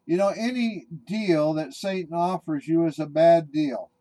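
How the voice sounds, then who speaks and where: A man's voice: fairly high pitch, a little slow, dark tone, poor audio. A man preaching a sermon as a pastor, talking in a conversational, folksy way, with restarts. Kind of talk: sermon with storytelling.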